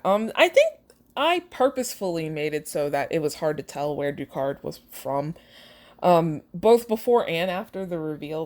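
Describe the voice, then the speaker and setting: A woman hosting a podcast, chatting casually and critically about her own fanfiction. Her voice is low, and she rambles with fillers and little laughs. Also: a little mellow. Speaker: podcast host.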